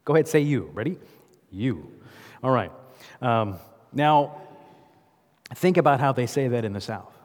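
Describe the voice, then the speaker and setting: A man's voice: medium pitch, lively intonation, measured pace, pauses often, darkish tone. Male pastor, mid-range voice, chatty sermon with questions to the pews, long church reverb. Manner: conversational, asks the congregation questions. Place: church sanctuary.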